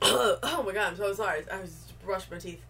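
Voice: medium pitch, a little fast, creaky, bright, forceful tone, pitched below the performer's own voice. A performer voicing a laid-back priest who talks in casual dude slang, in improvised comedy, a little away from the mic. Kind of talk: improvised comedy role-play. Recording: voice a bit far from the mic.

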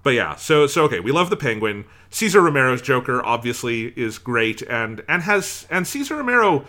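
Bright-voiced animated man. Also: mid-range voice, moderate pace. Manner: animated, profane, stumbles and restarts. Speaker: podcast co-host. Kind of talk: casual film discussion.

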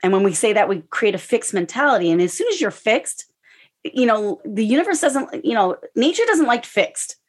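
A woman on a podcast, talking warmly about stress and acting out her own inner dialogue in quick quotes. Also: fairly high pitch, expressive, breathy edge. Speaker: guest speaker on stress. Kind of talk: casual podcast conversation.

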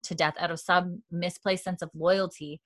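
A woman co-hosting a podcast, casually retelling a TV episode, scattering likes and ums and quoting lines quietly. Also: fairly low pitch, steady tone, moderate pace, dry recording. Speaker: podcast co-host recapping a TV episode. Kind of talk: casual recap chat.

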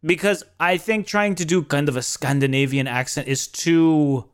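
A man's voice: on the high side, normal speed, smooth. A young adult man co-hosting a podcast, chatting casually and jokingly about a film. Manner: animated, jokey, recapping plot. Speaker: podcast co-host.

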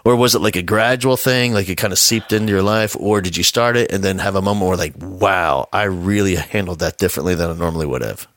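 A man's voice: low voice, fast talker, hardly any pauses, a bit bright. A man hosting a casual podcast, telling a laid-back story with frequent chuckles.

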